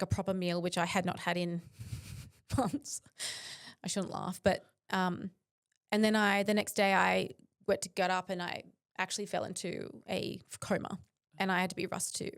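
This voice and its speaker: A woman's voice: on the low side, creaky, smooth. A woman, a guest on a podcast, speaking earnestly and intensely about her mindset, with frequent fillers. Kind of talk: reflective interview talk.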